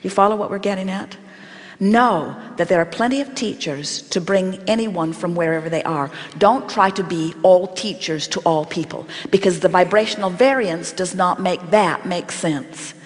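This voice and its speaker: A woman giving an inspirational workshop talk, speaking as a collective "we" in a measured, emphatic way. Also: fairly low pitch, long reverb tail. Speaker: channeled spiritual teacher speaking as a collective.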